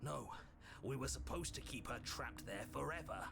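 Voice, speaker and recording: A man's voice: mid-range voice, lively intonation, moderate pace, vocal fry, music in the background. An actor playing a disembodied male game narrator and the hero's anxious inner voices, speaking with urgent, searching shifts of tone. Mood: uneasy.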